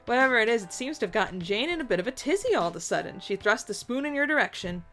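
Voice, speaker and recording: A woman's voice: on the high side, expressive, fairly quick, hardly any pauses, a bit bright. Young woman, game reader and commentator, chatty, giggly, faint music behind. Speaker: let's play host. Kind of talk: reading and commenting on a visual novel game.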